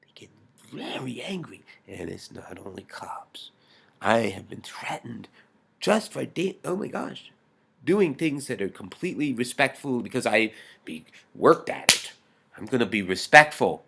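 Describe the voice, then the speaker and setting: Gravelly, husky man rambling intensely. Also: medium pitch, very animated, fairly bright tone. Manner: rambling and intense, often dropping to a whisper; swearing, halting restarts. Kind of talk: personal video message.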